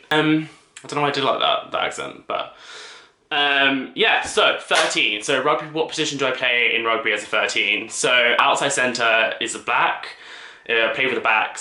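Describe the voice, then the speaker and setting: Camp lad vlogging, lots of ums, bright tone, roomy echo. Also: male voice, medium pitch. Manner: camp, chatty, lots of fillers. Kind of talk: casual vlog chat. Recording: echoey room.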